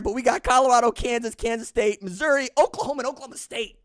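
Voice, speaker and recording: A man's voice: very high-pitched, a little fast, few pauses. A man hosting a sports podcast, delivering opinionated commentary as an incredulous, mocking rant. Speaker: podcast host.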